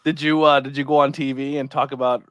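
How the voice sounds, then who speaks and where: A man's voice: mid-range voice, level tone, quick pace, fairly bright tone, clean tone, no echo. A man hosting a podcast in casual chat, joking and blunt, swearing freely. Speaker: podcast host.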